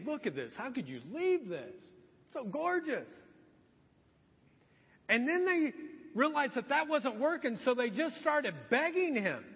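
A man preaching a sermon as pastor, telling the story with lively acted-out quotes. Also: very high voice, slightly rough. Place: church hall. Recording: dull, long hall reverb.

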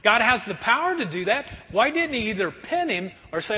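A pastor preaching a sermon in a conversational, animated way. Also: male voice, high-pitched, fairly quick. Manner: animated, conversational, acts out prayers. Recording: dull recording with long hall reverb.

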